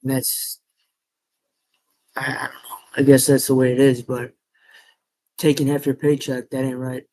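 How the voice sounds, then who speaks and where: A man rambles casually through his opinions, hesitating and repeating phrases. He speaks in a very flat, monotone way, and the recording is dry and close. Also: mid-range voice, unhurried, pauses often, dry recording, rough recording.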